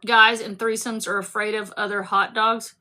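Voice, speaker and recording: A woman hosting a casual book club discussion, animated and laughing as she acts out scenes. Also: medium pitch, moderate pace.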